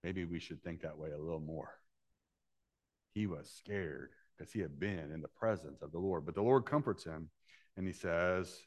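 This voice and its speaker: This preacher has a low-pitched voice and a moderate pace, sermonizing in a relaxed, talky manner. Short questions to his congregation punctuate the story, and he takes on the voices of its Bible characters.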